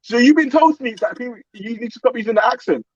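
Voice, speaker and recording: A man's voice: very high-pitched, fast, no echo, lo-fi sound. A young man with a London accent hosting a live online panel, joking and laughing through slangy banter. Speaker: livestream host. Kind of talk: casual chat.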